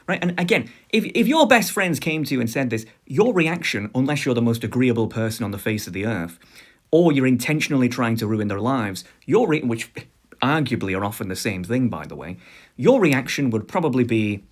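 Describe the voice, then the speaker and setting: A man in a commentary vlog with a medium-pitched voice who talks through everyday hypotheticals. He keeps checking in with a rhetorical "right?" and lands sarcastic jabs in a loose, conversational way. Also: sing-song, fairly quick. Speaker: commentary video host. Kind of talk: casual scripted commentary.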